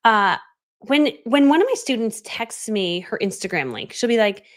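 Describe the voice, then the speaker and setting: A woman's voice: a little high, lively intonation, moderate pace. A woman coaching viewers through a casual live stream, bubbly and chatty, laughing often and dropping into whispered asides. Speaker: online business coach.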